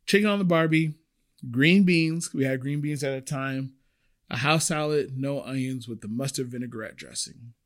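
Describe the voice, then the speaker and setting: Server recounting a shift story, earnest and chatty, slightly higher male voice. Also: a bit bright. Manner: earnest, conversational, with many restarts. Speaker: restaurant server. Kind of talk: casual personal storytelling.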